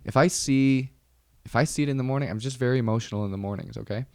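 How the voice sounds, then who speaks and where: A man's voice: mid-range voice, quick pace, vocal fry, a little mellow, no echo, clean studio sound. A young man hosting a podcast, rambling casually with self-deprecating jokes and lots of ums. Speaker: podcast host. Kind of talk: casual solo podcast monologue.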